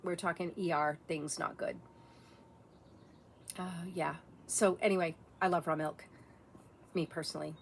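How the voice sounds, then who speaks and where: A woman's voice: on the low side, fairly even intonation, a little slow, creaky, pauses often, slight background noise. A middle-aged woman vlogger talking in a blunt, profane, impassioned monologue rant.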